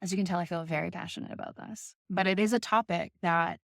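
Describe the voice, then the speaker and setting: A woman's voice: on the low side, steady tone, fast, gravelly, no room sound, clean studio sound. A woman in her thirties talking in a casual, passionate monologue, swearing often and ranting with emphasis. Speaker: podcast host.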